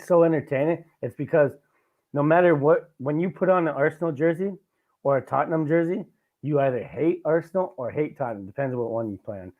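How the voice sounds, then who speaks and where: A young man, hosting a podcast and talking excitedly about sports, swearing often. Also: fairly high pitch, narrow, tinny audio. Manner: excited, swears a lot, passionate sports fan. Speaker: podcast host. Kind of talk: casual chat.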